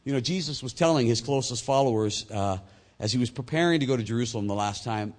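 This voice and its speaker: A male pastor delivering a sermon, swinging between loud emphatic points and quiet, low asides. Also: fast.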